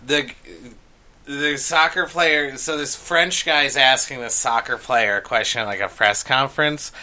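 Bright-voiced man hosting a podcast. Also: medium pitch, fairly even intonation. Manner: rambling storyteller, halting restarts. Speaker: podcast host. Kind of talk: casual chat.

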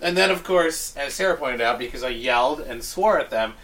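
A man in casual chat, ranting in an exasperated, animated way with heavy swearing. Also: mid-range voice, moderate pace, far from the mic, a little hiss or hum.

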